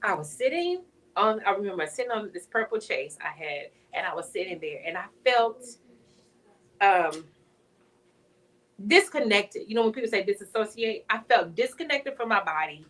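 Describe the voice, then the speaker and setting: Animated woman telling a faith story. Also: medium pitch, moderate pace, far from the mic. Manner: emotional testimony, animated storytelling. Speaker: author guest. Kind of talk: conversational interview.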